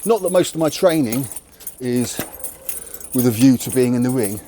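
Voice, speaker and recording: A man's voice: mid-range voice, animated, moderate pace, dark tone. Guy explaining boxing drills outside, plain and straight-talking, bit of background noise. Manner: plain, matter-of-fact, candid explanations. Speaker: martial arts channel host. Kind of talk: casual training demonstration to camera. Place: outdoors near a tree.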